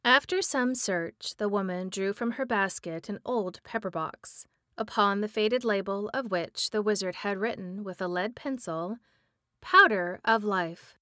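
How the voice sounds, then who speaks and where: A woman reading a storybook aloud, measured and expressive. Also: mid-range voice, dry recording, clean studio sound. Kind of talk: storybook read-aloud narration.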